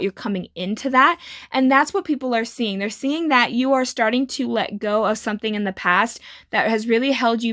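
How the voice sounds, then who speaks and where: A woman's voice: on the high side, fairly bright tone, dry recording, clean studio sound. A woman giving a tarot reading to her viewers, reassuring and rambling, with many fillers. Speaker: tarot reader.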